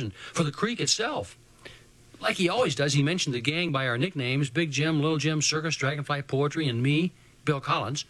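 A man reading a first-person story aloud as an audiobook narrator, with a folksy, measured delivery. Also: fairly high pitch, a bit bright, no room sound, rough recording.

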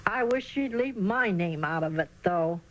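A woman voicing an excited young boy baseball player in a storybook reading. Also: on the low side, measured pace, poor audio. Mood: mock-pompous. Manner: lively, excited. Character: eager young boy, first baseman.

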